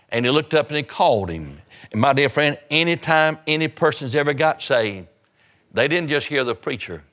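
A man's voice: medium pitch, fairly bright tone. A man preaching an evangelistic sermon, urgent and fervent, hammering home repeated phrases.

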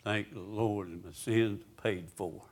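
A man's voice: on the low side, steady tone, unhurried, slightly rough. A pastor preaching a sermon, reading scripture aloud and putting questions to his congregation.

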